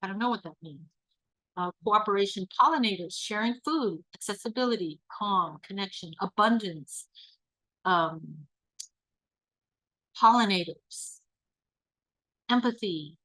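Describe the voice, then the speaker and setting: A woman presenting an online workshop, leading a calm guided visualization and reading audience answers aloud. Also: medium pitch, measured pace, long pauses, dry recording, poor audio. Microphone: video call.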